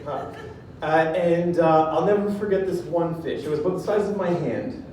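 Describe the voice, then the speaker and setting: A man doing a stand-up comedy set, rambling and self-deprecating, with filler pauses. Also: high voice, darkish tone, heavy reverb, recorded from a distance, slight background noise.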